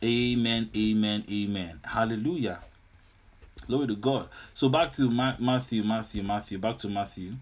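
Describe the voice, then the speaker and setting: A man's voice: lowish voice, normal speed. A man preaching a sermon, repeating himself often and breaking in with hallelujahs and amens. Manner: repetitive, exclamatory with frequent hallelujahs and amens. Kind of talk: sermon teaching.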